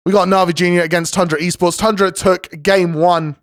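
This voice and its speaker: A young man, casting a live esports match solo, racing through rapid play-by-play that builds to shouting at big fights, with chatty asides to his stream chat. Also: high voice, steady tone, no echo, faint music behind. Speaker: esports caster. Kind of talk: solo live game commentary.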